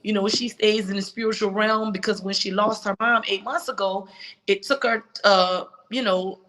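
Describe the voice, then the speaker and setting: A woman's voice: mid-range voice, steady tone, normal speed, fairly bright tone. A woman guest telling a personal story on a talk show, emotional and acting out what others said. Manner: emotional, acts out quoted dialogue.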